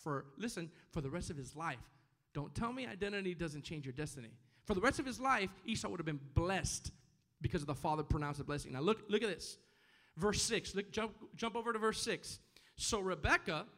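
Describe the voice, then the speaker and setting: A man delivers a sermon in a high, bright voice. He reads scripture aloud, stops to comment on it, doubles up on words for emphasis and calls on the congregation to respond. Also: lively intonation, a little fast. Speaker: preacher.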